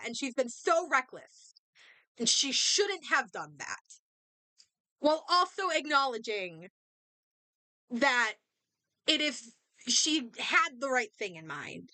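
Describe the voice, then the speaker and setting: A woman playing a video game, reading its dialogue and reacting in excitable commentary, swearing and talking back to the characters. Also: sits high, unhurried, no room sound. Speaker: gamer streamer. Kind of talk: let's play commentary. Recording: clear game music behind voice.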